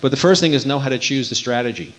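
A quick-paced male voice, medium in pitch with a fairly bright tone, belongs to an amateur radio contester giving an informal instructional talk. He's folksy and conversational, often repeating his words. Dull lo-fi recording.

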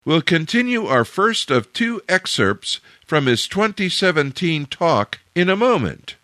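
A male radio host announces in a measured, deliberate way. He speaks very slowly in a bright, lively voice. The recording sounds dry and close. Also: fairly high pitch, no echo.

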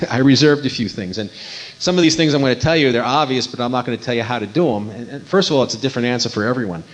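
This is a man of medium pitch speaking quickly: an amateur radio contester delivering a casual, conversational instructional talk with a folksy manner and frequent repetition. The audio is dull and lo-fi.

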